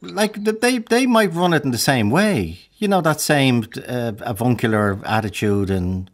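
A man's voice: medium pitch, big pitch swings, unhurried. A man hosting an Irish radio phone-in, chatty and conversational, with a lot of hesitant restarts. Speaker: radio show host.

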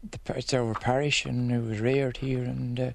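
An Irish man, a local parishioner, reflecting in an interview in a halting, thoughtful way. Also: mid-range voice, little pitch movement, gravelly.

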